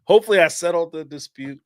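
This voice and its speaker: A man's voice: a little high, fairly quick, no echo, clean studio sound. A male host from the northeastern United States with a blend of Northeastern and Southern US accents, telling stories in casual chat, laughing often and swearing casually. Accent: mix of Northeastern US and Southern US. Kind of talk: casual commentary answering viewers.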